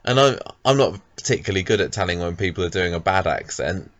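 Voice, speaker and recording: A man's voice: low voice, expressive, fast, a bit bright, dry recording, muffled recording. A man co-hosting a casual podcast, talking about a soap character with lots of ums and restarts. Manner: hesitant, many ums and restarts. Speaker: podcast co-host.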